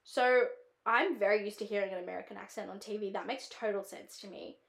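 A woman's voice: medium pitch, brisk, vocal fry, fairly bright tone, roomy sound. An Australian woman hosting a casual film-review podcast, rambling with lots of "like" and wandering off on tangents. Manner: rambling, heavy use of "like", drifts into tangents. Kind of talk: casual chat.

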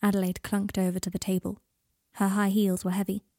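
A woman narrating a story in a calm, measured reading voice. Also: medium pitch, no echo, studio quality. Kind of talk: audiobook narration of fan fiction.

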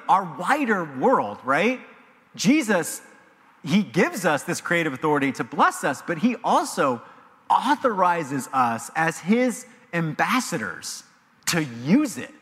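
A man preaching a sermon as pastor, animated and emphatic, in a church sanctuary with long reverb. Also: fairly high pitch. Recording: long reverb of a large hall.

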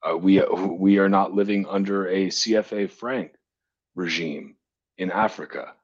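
A deep-voiced man co-hosting a live online audio chat, ranting with emphatic conviction and plenty of swearing. The sound comes through a dull, lo-fi connection. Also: fairly even intonation, measured pace, husky. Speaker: podcast co-host.

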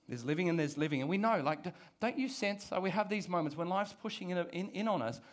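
A pastor, preaching a sermon to his church in an animated, conversational way. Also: high voice, normal speed. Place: church service.

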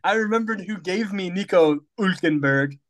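A man's voice: high-pitched, moderate pace, fairly bright tone. A young man co-hosting a casual motorsport podcast, easygoing and joking. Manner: easygoing, joking, laughs at own lines. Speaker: podcast co-host. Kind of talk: casual chat.

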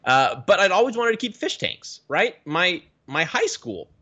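A man in his thirties from the Pacific Northwest, a guest telling his story in a casual interview with lively swings of pitch. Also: normal speed. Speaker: guest, reef aquarium YouTuber.

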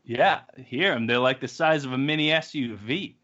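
A man's voice: mid-range voice, normal speed, bright, forceful tone. A young man co-hosting a podcast, laid-back and casual, with lots of likes and ums. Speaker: podcast co-host. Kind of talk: casual chat. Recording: dull lo-fi podcast audio.

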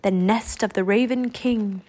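A woman reading the lines of a young boy magician turned raven, who talks in a hushed, steady way. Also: medium pitch, a little slow, natural voice.

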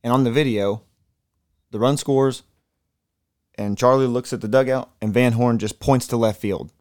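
A man co-hosting a casual sports podcast, telling excited, profane stories. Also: medium pitch, moderate pace, clear, resonant tone. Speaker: podcast co-host.

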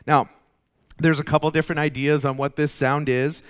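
A man's voice: a little high, little pitch movement, moderate pace, smooth. A man preaching a sermon with emphatic delivery, often repeating words as he builds a point. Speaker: pastor.

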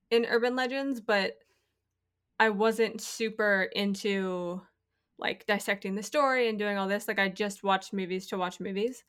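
A woman's voice: mid-range voice, a bit bright, clean tone. A woman co-hosting a podcast in casual chat, thoughtful and a little hesitant. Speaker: podcast co-host.

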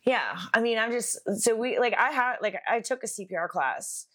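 Her voice sits a little high, expressive and fairly bright, moving at a moderate pace. She's a young woman co-hosting a podcast, rambling through a casual story full of fillers and swearing.

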